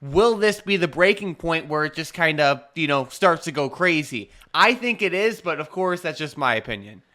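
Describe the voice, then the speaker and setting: Bright, clear-voiced male market co-host. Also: fairly high pitch, normal speed, few pauses. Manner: relaxed and conversational, with frequent "uh" and "like". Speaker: co-host of a stock market show. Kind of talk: casual market chat.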